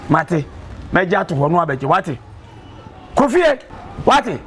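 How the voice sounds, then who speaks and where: A man's voice: high-pitched, big pitch swings, unhurried, fairly bright tone, slight background noise, exaggerated voice. An actor with a Ghanaian accent playing a talkative man who lectures and advises a young woman in a film drama. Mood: insistent.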